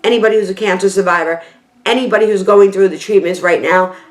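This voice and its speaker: A woman's voice: mid-range voice, quick pace. A middle-aged woman with a New York accent, talking to camera in a heartfelt, rambling way and repeating herself for emphasis. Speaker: beauty vlogger. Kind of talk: emotional casual talk to camera. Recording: echoey room.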